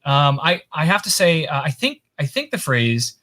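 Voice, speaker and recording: A man's voice: a little high, very animated, normal speed, sharp tone. A man hosting a casual interview over a video call, friendly, with hesitant restarts. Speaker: show host.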